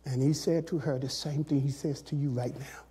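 A pastor preaches a sermon, speaking colloquially and straight to his congregation, sinking into soft, drawn-out phrases before building to shouted climaxes. His voice is a little high and breathy, with fairly even intonation.

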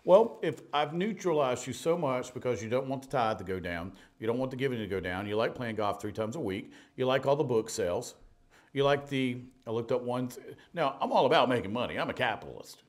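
A middle-aged man preaching a sermon, telling stories in an animated way, swinging between loud and hushed. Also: mid-range voice, a little fast. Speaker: pastor. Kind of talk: storytelling sermon.

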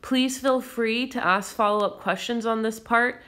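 A woman teacher explaining a recorded grammar lesson patiently and clearly, with occasional fillers. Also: fairly high pitch, steady tone, a little slow, fairly bright tone.

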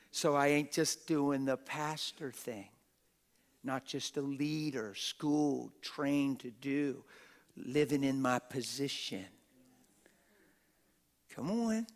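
A middle-aged man preaching a passionate, folksy sermon, often laughing and bursting into shouts. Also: fairly high pitch. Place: church hall with a congregation.

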